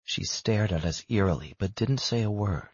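Husky male audiobook narrator, low and steady, dry dull sound. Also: normal speed, no echo. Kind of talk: first-person audiobook narration.

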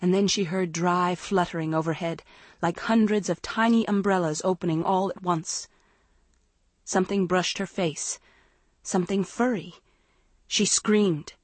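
A woman narrates an audiobook at a slow, measured pace, letting the tension build line by line. Her voice sits on the low side. The recording is dry and close. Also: no echo. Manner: slow, measured suspense reading. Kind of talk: scripted narration.

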